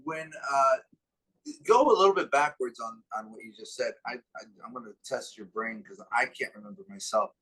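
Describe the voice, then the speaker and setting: A man's voice: medium pitch, normal speed, a bit bright, husky, low-quality recording. A man hosting a casual interview chat, speaking loosely, often searching for words and laughing easily. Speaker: podcast host.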